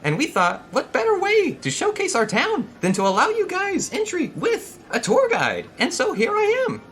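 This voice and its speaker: A man voicing an eager, chatty male tour guide who talks in a high, excitable, overly welcoming way. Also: normal speed, a little hiss or hum, full character voice.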